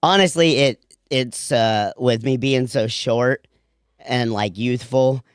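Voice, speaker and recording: A man's voice: mid-range voice, takes it slowly, smooth, dry recording, clean studio sound. A man in his thirties, a comedian guest on a podcast, telling easygoing stories and laughing often. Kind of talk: casual comedy podcast chat.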